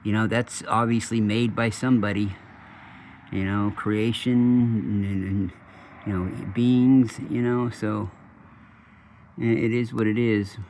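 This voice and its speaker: A man's voice: lowish voice, steady tone, slow, a little mellow, slight background noise. A man hosting his own channel, telling a long rambling story in a casual, profane, digressive way. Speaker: channel host.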